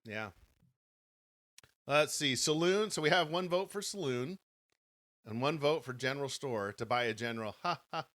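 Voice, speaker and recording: A man's voice: mid-range voice, animated, normal speed, long pauses, a bit bright. A man co-hosting a podcast, joking and laughing as he tallies listener votes. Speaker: podcast co-host running the audience vote. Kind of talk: live podcast chat.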